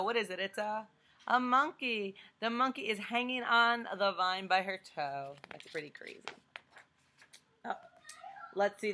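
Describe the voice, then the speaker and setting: A young woman with a bright, clear voice reads a picture book to small children. She coaxes them with questions and drops into hushed whispers before each answer. Faint noise sits under the recording. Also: medium pitch. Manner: questioning, coaxing children to guess; dramatic hushed whispers for suspense. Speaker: teacher reading a picture book aloud. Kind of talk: read-aloud for young children.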